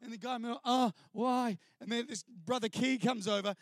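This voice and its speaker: A man telling a comic story to an audience in an animated way, mimicking people and laughing through his lines. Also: extremely high pitch, fast talker, no echo, clean studio sound. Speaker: speaker sharing a testimony.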